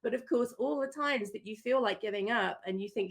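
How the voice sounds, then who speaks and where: Brief: middle-aged woman coach, podcast guest, lively storyteller who acts out her quotes. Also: a little high, fairly quick, vocal fry, few pauses. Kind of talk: podcast interview.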